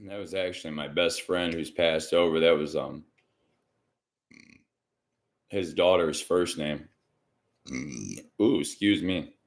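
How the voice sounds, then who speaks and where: A man hosting a casual psychic reading livestream from home, rambling and chatty and often clearing his throat. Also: low voice, steady tone, slow, long pauses. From Michigan. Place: indoors at home.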